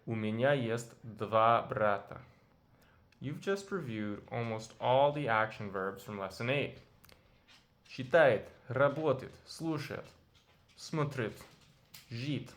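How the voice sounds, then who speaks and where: A man leads an audio language lesson at an unhurried pace. He prompts the listener and repeats each phrase patiently. His voice sits at an ordinary middle pitch. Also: fairly bright tone. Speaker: language teacher.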